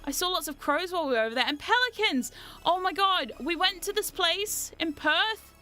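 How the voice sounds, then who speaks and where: A woman vlogger chatting casually, telling animated stories, often laughing and swearing freely. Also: very high voice, a little fast, faint music behind. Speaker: VTuber vlogger. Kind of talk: casual storytelling chat.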